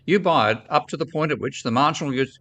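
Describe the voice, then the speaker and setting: A man's voice: a little high, sharp tone. An older man with an Australian accent, a guest economist arguing his point bluntly. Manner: blunt, quick to object.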